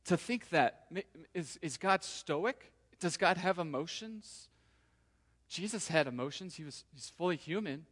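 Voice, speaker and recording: A man preaching a sermon to his congregation in a relaxed, conversational way, sometimes voicing the people in the story. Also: on the high side, unhurried. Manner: conversational, acts out quoted voices. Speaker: pastor. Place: church sanctuary. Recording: long hall reverb.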